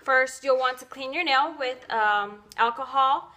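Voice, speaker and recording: A woman's voice: high-pitched, unhurried, noisy background. A woman giving a casual at-home how-to tutorial, chatty and rambling, full of fillers, self-corrections and little self-amused laughs. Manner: laughs often at herself. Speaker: nail wrap seller demonstrating at home.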